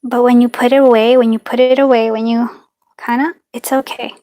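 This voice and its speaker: Lady doing a live card reading, bit high-pitched, chatty and reassuring, um-ing a lot, drifts off mic now and then. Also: flat delivery, brisk, no echo. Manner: warm, chatty, reassuring, with frequent fillers and soft laughs. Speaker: tarot and charm reader.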